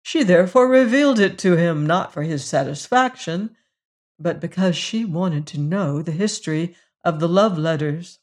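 A narrator reading a classic novel aloud in a measured, even way. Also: mid-range voice. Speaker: audiobook narrator.

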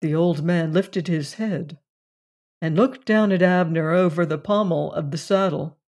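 A narrator reading a classic mystery tale aloud, slow and unhurried. The delivery is measured and deliberate, with a pitch that sits in the middle of the range. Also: darkish tone.

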